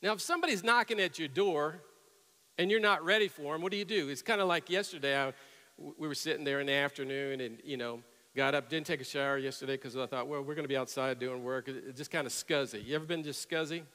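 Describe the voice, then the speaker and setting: A middle-aged man preaching from the pulpit, his fairly high voice bright and forceful. He tells stories and then rises to loud, emphatic peaks. The sound rings through a large church hall with a long reverb. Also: fast talker. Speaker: pastor. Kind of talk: sermon.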